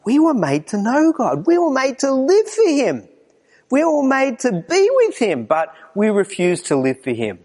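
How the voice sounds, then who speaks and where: A man preaching a morning sermon, moving between quiet low passages and raised, emphatic lines. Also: wildly swooping pitch, measured pace. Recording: long reverb of a hall.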